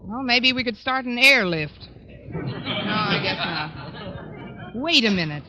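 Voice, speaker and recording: An actress playing a dry, sardonic high-school English teacher in a 1940s radio sitcom. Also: female voice, expressive, highs cut off, a crowd in the background. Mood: wry. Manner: dry, sardonic, quick with wisecracks. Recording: hissy old radio broadcast recording.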